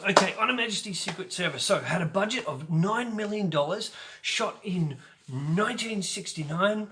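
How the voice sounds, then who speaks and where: A man hosting a casual video film review, talking in an energetic, jokey and playful way. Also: high-pitched. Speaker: host of a film review channel.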